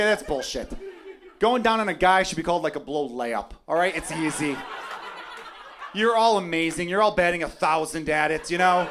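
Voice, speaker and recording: This Chicago-born comic, a man with a high voice, works a club crowd with brash, profane riffs. It's a live club recording full of background noise, a loud crowd, and bursts of audience laughter.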